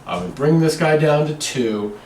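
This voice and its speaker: Casting: male calculus lecturer, chatty and self-correcting, very lively pitch. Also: moderate pace, distant mic. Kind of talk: classroom lecture. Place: classroom. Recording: echoey classroom with background noise.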